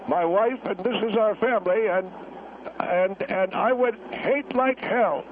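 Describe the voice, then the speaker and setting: A man's voice: high voice, slight background noise, pitched above the performer's own voice. A man putting on a rambling old war veteran. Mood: earnest rambling. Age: over 70. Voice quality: halting, rambling, repeats himself. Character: elderly male Korean War veteran, rambling gun enthusiast. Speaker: caller. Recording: tinny phone line.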